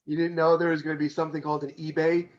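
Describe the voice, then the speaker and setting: A man with a fairly high voice hosts a casual interview, talking very fast and eagerly launching into his own stories. His sound is dull and lo-fi, with the top end rolled off. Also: level tone. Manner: quick and chatty, eager storyteller. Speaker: interview host.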